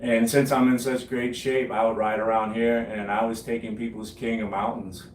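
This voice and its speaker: A man's voice: on the low side, level tone, moderate pace. Cocky guy in his 40s bragging and cussing, roomy echo, a bit far from the mic. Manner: boastful, swears a lot, laughs at own stories. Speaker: home gym streamer. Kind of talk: casual storytelling chat. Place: home gym. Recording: echoey room, from the mic, faint noise.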